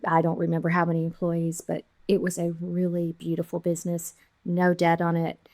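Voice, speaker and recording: A middle-aged woman, a podcast guest, telling her founding story with lively quoted voices. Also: on the low side, a little fast, no room sound. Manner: animated storyteller, acting out quotes. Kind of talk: storytelling interview.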